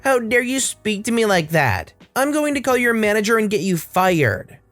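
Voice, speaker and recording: A man's voice: big pitch swings, moderate pace, fairly bright tone, no echo, faint music behind. A man voicing a rude, entitled middle-aged woman customer who snaps scornfully at a delivery driver. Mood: threatening. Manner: shrill, scornful and snapping.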